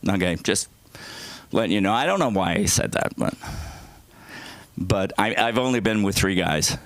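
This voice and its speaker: A man's voice: on the low side, normal speed, dry recording. Rambling man doing crude stand-up. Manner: rambling, self-deprecating and crude. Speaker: stand-up comedian. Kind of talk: open-mic stand-up. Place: comedy club stage.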